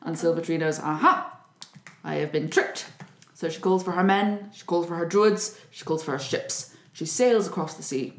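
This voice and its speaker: A woman's voice: fairly low pitch, normal speed, hardly any pauses. A woman casually retelling a folk tale, acting out the characters' voices. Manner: lively, acts out voices. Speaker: storyteller. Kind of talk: casual storytelling chat. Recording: echoey room.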